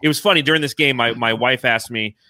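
A man's voice: mid-range voice, fast talker, pushed and bright, no room sound, studio quality. An American man in his thirties hosting a fan podcast livestream, emotional and swearing freely as he reads out donations. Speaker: podcast host. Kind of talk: excited casual livestream chat.

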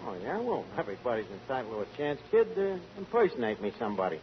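An actor playing a brash, fast-talking tavern manager in a 1940s radio comedy, mangling his grammar. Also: medium pitch, big pitch swings, close to an everyday voice. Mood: wisecracking. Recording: hissy lo-fi old radio broadcast.

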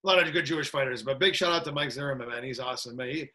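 A man chatting as a podcast guest in an easygoing, energetic way, laughing often and tagging his sentences with "that's it". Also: medium pitch, racing. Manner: energetic, laid-back, laughs a lot, repeats "that's it". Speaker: guest, combat sports trainer. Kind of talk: casual interview chat.

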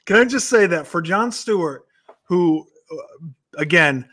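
A man's voice: sits high, expressive, measured pace, fairly bright tone, dry recording. A man co-hosting a podcast, teasing and needling the others in casual banter. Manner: teasing, laughing, egging others on. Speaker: podcast co-host.

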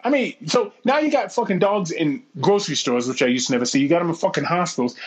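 A man's voice: a little high, animated, fast talker. A man in casual conversation, ranting crudely with lots of swearing and rhetorical questions. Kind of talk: casual chat.

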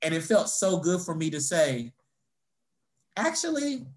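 In casual conversation, a young adult man with a higher voice shares personal stories at normal speed. His storytelling is animated, full of swearing, with quoted people acted out in their own voices.

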